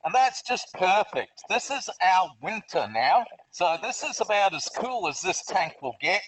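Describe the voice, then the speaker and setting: A man's voice: high-pitched, big pitch swings, unhurried, a bit bright, breathy edge. A man with an Australian accent, presenting a live educational webinar from underwater in an aquarium, speaking through a full face mask microphone in a cheerful, chatty way. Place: underwater in a large aquarium tank. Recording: distant, muffled underwater mask mic.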